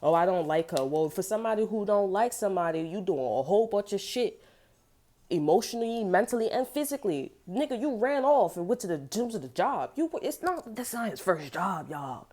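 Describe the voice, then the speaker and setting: Woman tarot reader, blunt and profane, mellow-toned, venting casually. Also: medium pitch, lively intonation, a little fast. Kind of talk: casual tarot reading rant.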